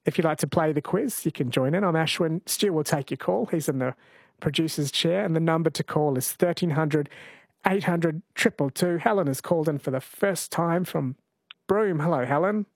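A man's voice: a little high, normal speed, dry recording. A man hosting a radio phone-in quiz in a casual, chatty way, laughing easily.

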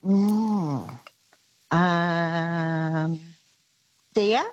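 A woman's voice: lowish voice, no echo, dull audio. A woman calling in to a radio quiz, hesitant and unsure. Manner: hesitant, very slow. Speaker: caller.

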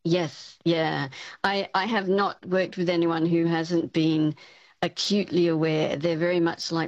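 A woman's voice: lowish voice, level tone, measured pace, no room sound, dull audio. A woman, a speech pathology professor, explaining things in a chatty way with lots of fillers as a radio interview guest.

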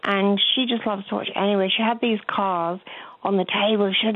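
A woman's voice: mid-range voice, normal speed, gravelly, dry recording. An older woman, calling in to a radio show and telling a rambling, chatty story. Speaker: caller. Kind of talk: phone-in chat. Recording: tinny phone line.

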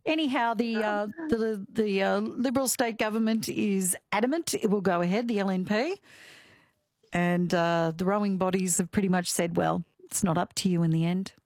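A middle-aged Australian woman hosts a relaxed radio chat, talking freely with plenty of fillers and quick laughs. Her voice is dry and close, with no room around it, sitting at an ordinary pitch. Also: dry recording. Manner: chatty, laughs easily, frequent fillers. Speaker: radio host. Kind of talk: casual radio chat and quiz.

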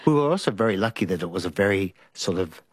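Low-voiced man telling animated stories. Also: fast, no room sound. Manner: animated anecdotes with laughs and acted-out quotes. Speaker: guest. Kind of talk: casual storytelling.

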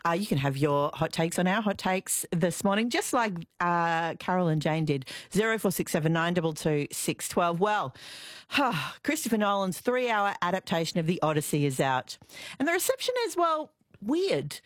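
A woman hosting morning radio, chatting briskly with guests and reading out listener texts. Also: fairly low pitch, lively intonation, no echo. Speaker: radio host. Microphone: studio microphone.

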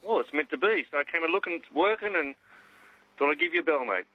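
An older Australian man rings in from a payphone, talking quickly and cheerfully with a slightly high voice. He calls everyone mate. The line is dull and lo-fi, and the sound is close and dry. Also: animated, dry recording. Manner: easygoing, says mate constantly. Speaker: caller. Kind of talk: casual phone-in chat. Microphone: public payphone. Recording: muffled lo-fi phone line.

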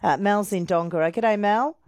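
A woman hosting talkback radio, brisk, friendly and chatty. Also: medium pitch, darkish tone, no echo.

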